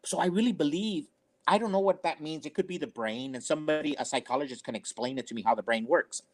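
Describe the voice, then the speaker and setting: Older man, earnest, rambling, casual storytelling, voice pitched a little high. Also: fast. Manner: earnest, rambling, repeats himself. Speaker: storyteller on a family talk show.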